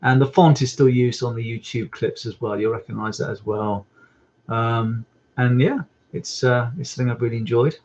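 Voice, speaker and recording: Man, mid pitch, hesitant rambling live-stream host at home, dull lo-fi audio. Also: moderate pace, a little mellow, a little hiss or hum. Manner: rambling, hesitant, many ums. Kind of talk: casual live-stream chat. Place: at home indoors. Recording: slightly muffled lo-fi stream audio.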